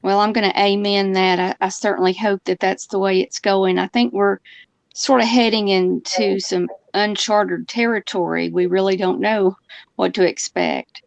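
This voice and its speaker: A woman's voice: mid-range voice, steady tone, normal speed, vocal fry, no room sound. A woman with a Southern Alabama accent chatting casually as a guest on a call, friendly and laughing easily. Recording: dull dry call audio.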